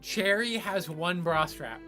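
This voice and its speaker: A woman's voice: fairly low pitch, slow pace, over music. A woman co-hosting a casual livestream, tossing in dry, joking quips. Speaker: co-host.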